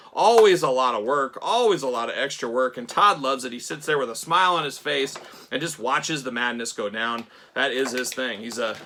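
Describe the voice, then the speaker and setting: A man's voice: mid-range voice, noisy background. A man giving a casual, rambling toy unboxing review with jokey asides.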